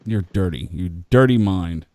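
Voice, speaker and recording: A man's voice: deep voice, unhurried, darkish tone, no room sound. A man hosting a live stream, chatting casually and joking with a friend. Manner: joking, goofy, laughs a lot. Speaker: livestream host.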